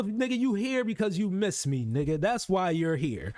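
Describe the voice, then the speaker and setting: A man streaming live talks in with a lively, swooping pitch. He teases and curses freely. His raised voice sits over a dry, close mic. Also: moderate pace, few pauses, dry recording. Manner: animated, teasing, swears a lot, mocking quoted voices. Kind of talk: casual livestream banter.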